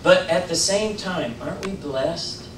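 A man giving an informal sermon in a church, talking in a conversational way with many fillers and restarts, rising into animated emphasis. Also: high-pitched, unhurried, background noise. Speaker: preacher. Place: church sanctuary. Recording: roomy church audio, mic at a distance.

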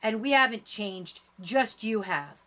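A woman reading an audiobook, voicing a hurt junior-high girl arguing heatedly with her friends. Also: animated, measured pace, heavily acted. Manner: shouting, heated.

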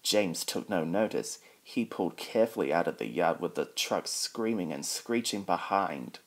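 A man reading a children's train story aloud, voicing all the characters in his own plain voice. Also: deep voice. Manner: reads every character in his own voice, slow and even.

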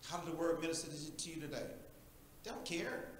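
A male pastor preaching a sermon in a church, animated and talking back and forth with the congregation. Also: on the high side, fairly quick, heavy reverb, slight background noise, poor audio. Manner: animated, preachy call-and-response.

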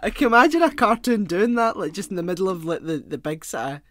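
A man's voice: high-pitched, very animated, fast talker, a bit bright. A young man co-hosting a podcast in casual chat, rambling, laughing often and swearing offhandedly. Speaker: podcast co-host.

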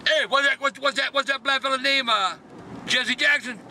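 An older man, ranting and cursing loudly from inside a car. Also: extremely high pitch, moderate pace, a little hiss or hum. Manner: angry, cursing, shouting. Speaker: vlog regular.

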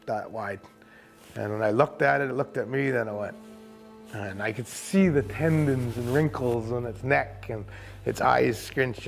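A man who runs a kayak camp and a tour boat tells a first-person story in a vivid, colloquial way with quick asides. His voice is medium-pitched, gravelly, and husky.

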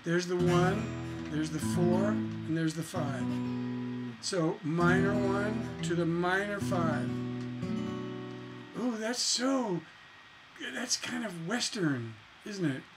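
A man's voice: high voice, takes it slowly, long pauses, low-quality recording. A man teaching songwriting in a casual lesson, musing aloud as he works through chords on guitar. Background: acoustic guitar playing.

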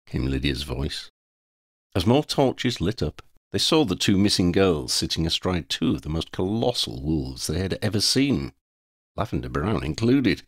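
Male audiobook narrator, gravelly, very expressive intonation, dry close sound. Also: low voice, normal speed, no room sound, faint music behind. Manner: expressive, varied character voices. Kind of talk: fan fiction audiobook narration.

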